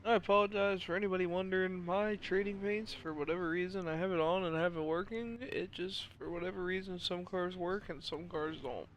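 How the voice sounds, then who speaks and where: A man's voice: high voice, fairly even intonation, a little fast, hardly any pauses, a little hiss or hum. A man giving casual play-by-play commentary on a sim race, tired and losing his voice, with apologetic asides between calls.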